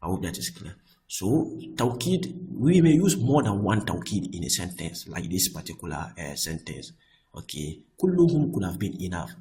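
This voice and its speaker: Patient lower-voiced man teaching grammar. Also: expressive, moderate pace, darkish tone, low-quality recording. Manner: repetitive, checks in with "I hope that is clear"; restarts and repeats words often. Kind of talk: explaining Arabic grammar on screen.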